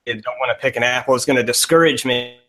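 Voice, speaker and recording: A man with a mid-range, bright and tense voice explains himself in a casual discussion. He sounds defensive, stumbling and restarting as he clarifies his point. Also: medium pitch, fairly even intonation, fast.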